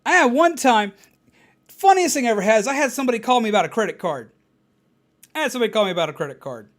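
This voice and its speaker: A woman streamer chatting casually on a live stream, telling stories in an animated, profane way. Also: on the high side, racing.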